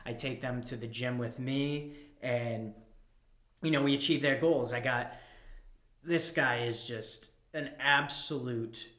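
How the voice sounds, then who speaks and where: Male podcast guest, animated storyteller who swears freely, bright voice, echoey room. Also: medium pitch, takes it slowly. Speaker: podcast guest, personal trainer. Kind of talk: casual interview chat.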